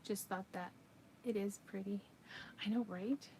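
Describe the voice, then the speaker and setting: A woman chatting casually with her livestream viewers while she crochets, relaxed and talkative as she works. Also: mid-range voice, a little slow, gravelly, a little hiss or hum. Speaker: livestream crafter.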